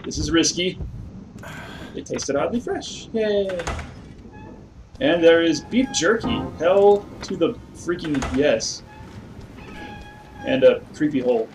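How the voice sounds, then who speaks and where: A somewhat high-voiced man commentates his horror game playthrough, his voice leaping around as he mutters, hums and yelps when scared. He sits a little away from the mic, and clear game music plays under his talk. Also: slow pace, pauses often, recorded from a distance, poor audio. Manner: excitable, talks to himself, hums along, yelps when scared. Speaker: gamer playing a horror game. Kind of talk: let's play commentary.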